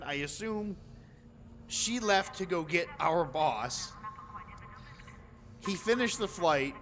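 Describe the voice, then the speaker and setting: A chatty man telling a story on a live stream, cursing freely and slipping into the voices of the people in it. His voice sits a little high and sounds bright and forceful. A long reverb trails behind him over a faint hiss. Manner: chatty, swears freely, acts out quoted lines. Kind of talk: casual storytelling.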